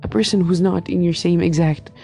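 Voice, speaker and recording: Telling a story for her casual vlog, a young woman in her twenties, a medical student, speaks fairly quickly with a lowish, fairly even voice. She rambles emphatically, trips on fillers, and restarts sentences; her tone is dark, mellow, and gravelly with fry, with faint music underneath.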